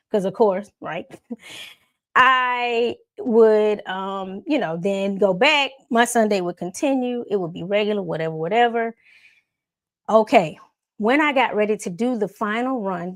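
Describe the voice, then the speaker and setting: A woman vlogger telling a personal faith story in a casual, animated way, with folksy asides to her viewers and frequent laughs. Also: mid-range voice, dry recording, studio quality. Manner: laughs often while talking. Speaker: faith and self-development vlogger.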